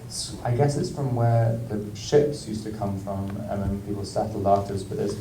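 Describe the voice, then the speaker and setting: An English actor in casual stage talk at a film Q&A, hesitant, with many ums and frequent laughs. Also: male voice, lowish voice, steady tone, normal speed, distant mic. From England. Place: large screening hall with audience. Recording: echoey hall, mic from afar, noise.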